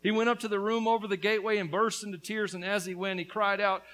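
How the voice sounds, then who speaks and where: Man, pastor, sermon, high voice, earnest, casual asides, hushed to loud. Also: level tone, quick pace, low-quality recording. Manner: swings between hushed and loud.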